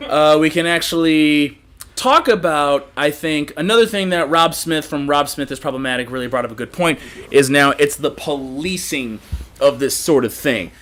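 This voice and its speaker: A man's voice: on the high side, moderate pace, a bit bright. A young man hosting a casual livestream podcast, rambling loosely, swearing freely and laughing often. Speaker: podcast host.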